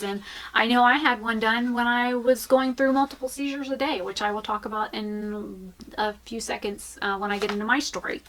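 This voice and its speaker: A woman's voice: mid-range voice, a bit bright, a little hiss or hum, low-quality recording. A woman vlogging in a frank, chatty way, with fillers and restarts. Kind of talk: candid casual talk to camera.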